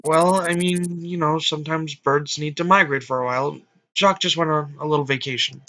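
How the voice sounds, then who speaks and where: A man voicing a hurt, defensive young man in a visual novel, pushing back loudly. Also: on the high side, steady tone, fairly quick. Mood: evasive.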